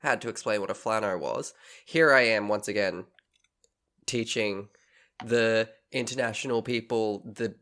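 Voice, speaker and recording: A man's voice: lowish voice, measured pace, sharp tone. A man, co-hosting a casual podcast, chatty and prone to slipping into playful voices while telling stories. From Australia. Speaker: podcast co-host. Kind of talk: casual chat, storytelling.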